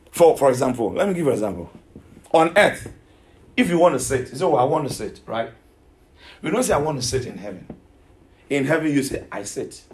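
A man's voice: fairly high pitch, darkish tone. A man preaching a sermon, emphatic, repeating himself and asking his listeners questions.

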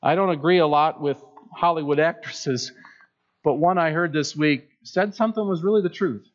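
Male pastor, sermon, high voice, emphatic, dull lo-fi recording. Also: moderate pace. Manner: emphatic preaching, swells and drops. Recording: dull lo-fi sound.

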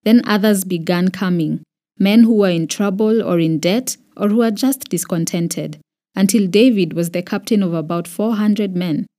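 Kenyan woman reading the bible aloud, measured, dark mellow voice. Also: medium pitch. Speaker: Bible reader. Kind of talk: scripted scripture narration.

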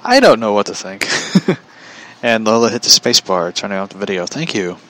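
A man's voice: lowish voice, big pitch swings, moderate pace, fairly bright tone, slight background noise. A young man chatting casually on a livestream, rambling, often chuckling and reading out viewer comments. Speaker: vlogger.

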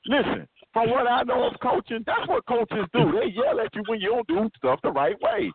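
A man hosting a casual sports podcast, ranting loudly and laughing as he makes his points. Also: extremely high pitch, moderate pace, crowd noise. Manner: loud, animated ranting with laughs. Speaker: podcast host. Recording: tinny phone-like line with noise.

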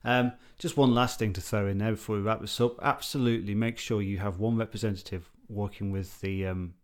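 A man's voice: fairly low pitch, steady tone, brisk. A man co-hosting a casual podcast, wry and self-deprecating as he chats. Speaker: podcast co-host.

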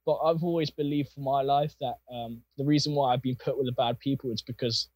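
A young man with a husky voice, telling his personal faith story in an earnest, rambling way with plenty of fillers. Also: mid-range voice, fairly even intonation, fairly quick, a little mellow, dry recording. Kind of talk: casual personal testimony.

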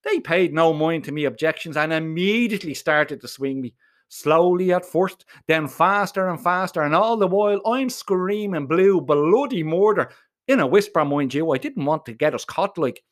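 A man with an Irish accent telling a comic first-person story in a profane, colloquial and animated way. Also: a little high, moderate pace. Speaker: narrator.

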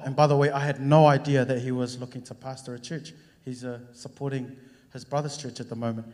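A young man casually sharing a testimony from the front of a church, acting out conversations as he tells them. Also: medium pitch. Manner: storytelling, acting out conversations with lively voices. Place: church hall. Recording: long hall reverb.

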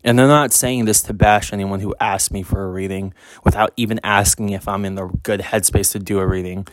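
A man's voice: lowish voice, steady tone, brisk, dry recording. A man speaking as a spiritual reader in a casual monologue, blunt and emphatic, cursing freely.

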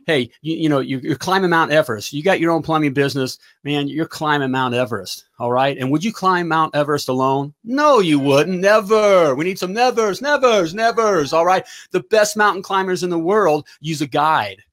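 A middle-aged man hosting a livestream as a business coach, giving an energetic pep talk and checking in with "all right?" again and again. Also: on the high side, fairly quick, few pauses.

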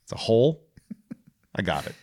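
A man hosting a podcast in casual chat, joking and rambling through listener shout-outs and stories with many fillers. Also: normal speed, noisy background. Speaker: podcast host.

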